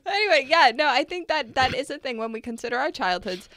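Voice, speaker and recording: A woman co-hosting a podcast in casual conversation, earnest and animated, with many "like" fillers. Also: high-pitched, fast, dry recording. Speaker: podcast co-host.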